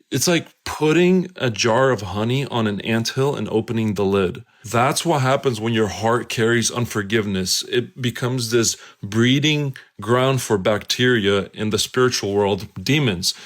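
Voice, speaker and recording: A preacher telling a personal story in an earnest, emphatic way and urging listeners directly. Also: male voice, on the low side. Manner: earnest and emphatic, urgent appeals.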